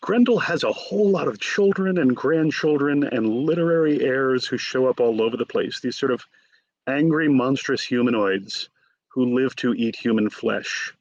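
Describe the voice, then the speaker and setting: A man's voice: mid-range voice, normal speed, muffled recording. Man telling stories as an author. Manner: animated storyteller, acts out quotes. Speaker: author guest. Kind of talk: conversational interview.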